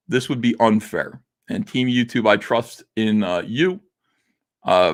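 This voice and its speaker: A man hosting a comics livestream, talking in a theatrical monologue that swings between quiet and loud, with frequent laughs. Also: mid-range voice.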